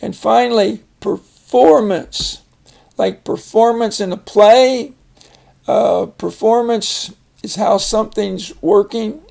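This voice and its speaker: An older man teaching a phonics lesson, explaining each word slowly and patiently. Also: high voice, steady tone, vocal fry, darkish tone. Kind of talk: casual reading lesson.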